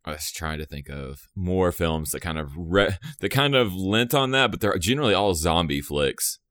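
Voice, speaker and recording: A man's voice: sits low, animated, moderate pace, a bit bright, dry recording. A man in casual podcast chat, rambling and laughing often, trailing off mid-thought.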